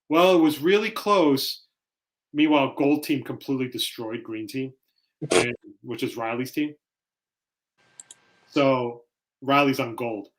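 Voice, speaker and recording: A man chats on a casual podcast. He tells stories in an animated way and acts out what people said. His voice sits at an ordinary middle pitch. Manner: animated storytelling, acts out quoted lines. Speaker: podcast co-host. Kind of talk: casual chat.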